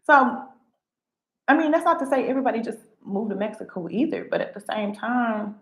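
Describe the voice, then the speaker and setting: Chatty woman vlogger telling stories, a little gravel in the voice, roomy echo. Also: on the high side, expressive, a little fast. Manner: chatty storyteller, repeats phrases. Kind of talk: casual chat to camera. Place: home in Mexico.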